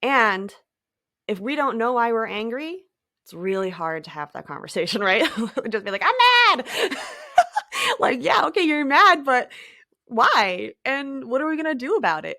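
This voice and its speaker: Gentle woman in a dry close recording. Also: medium pitch, no echo. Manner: gentle, thoughtful, with light laughs and trailing phrases. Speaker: podcast host. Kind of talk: reflective spiritual talk.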